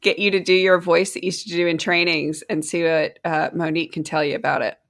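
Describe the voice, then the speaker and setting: A woman's voice: on the low side, flat delivery, fairly quick, vocal fry, fairly bright tone. A woman hosting a podcast in casual conversation, playful and teasing. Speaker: podcast host.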